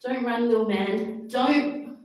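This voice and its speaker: Off-mic in an echoey little bathroom, a vlogger takes it slowly, her fairly high voice carrying a darkish tone. She coaxes her cats through a wash on a livestream, breathless and exasperated as she fusses over them.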